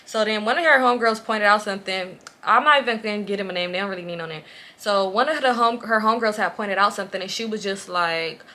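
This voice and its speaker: A young woman in her twenties telling a casual storytime in an animated, profane way, getting loud when exasperated. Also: medium pitch, fast talker. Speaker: vlogger.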